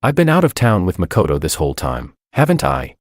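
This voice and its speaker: A man's voice: low-pitched, huge pitch swings, brisk, no room sound, clean studio sound, exaggerated voice. A man voicing a cold, defiant young wife who is indignant and defensive, in a spoken story. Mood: angry.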